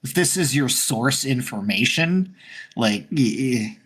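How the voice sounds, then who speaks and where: A man's voice: mid-range voice, animated, takes it slowly, fairly bright tone, slight background noise. A man co-hosting a podcast, talking casually and rambling with lots of fillers and restarts. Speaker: podcast co-host. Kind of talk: casual chat.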